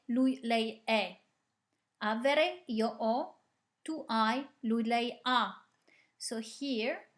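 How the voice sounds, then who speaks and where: A female language teacher, calmly reciting verb conjugations and explaining grammar, asking the class questions and praising them. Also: a little high. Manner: repeats drills patiently, asks the class questions and praises. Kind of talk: slow, clear conjugation drill with explanations.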